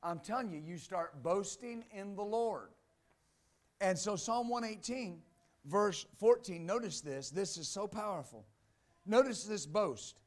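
A pastor preaching a sermon with exuberance, swinging between loud declarations and quiet asides and laughing between points. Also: male voice, sits high, a little slow.

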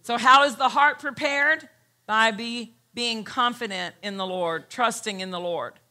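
Slow, bright-voiced woman preaching. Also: on the high side. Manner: emphatic, repeats key phrases, reads scripture slowly. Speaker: pastor. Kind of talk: sermon. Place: church.

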